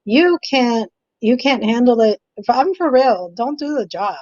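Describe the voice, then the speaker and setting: A woman's voice: on the high side, lively intonation, unhurried, a little mellow, no room sound, dull audio. A woman hosting a talk show who speaks emphatically, repeating herself when indignant. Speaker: host. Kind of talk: live call-in talk show.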